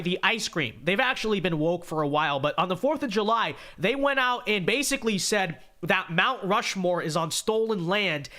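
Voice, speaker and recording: A man's voice: high-pitched, pushed and bright. A congested man hosting a live stream, talking straight to his chat with sarcastic asides. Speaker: host.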